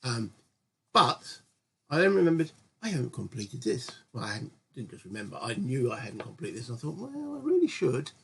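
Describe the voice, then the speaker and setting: A man's voice: medium pitch, lively intonation, a little fast, creaky, a little hiss or hum. A man hosting his own gaming channel, chatting through a solo board game session in a rambling way and often correcting himself. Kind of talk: casual solo board game let's-play commentary.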